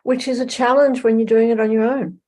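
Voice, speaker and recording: A woman's voice: on the high side, level tone, fairly quick, warm tone. A woman hosting a casual online interview, asking long rambling questions and affirming her guest supportively. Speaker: interview host.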